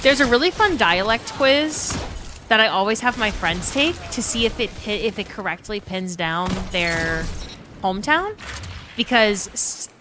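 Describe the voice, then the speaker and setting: A woman from New Orleans talking with her game stream chat while she plays, rambling and dropping swears. Her pitch sits in the middle of the range. A clear hum of steady background noise runs under her mic. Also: measured pace. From New Orleans, USA. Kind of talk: casual live-stream chat.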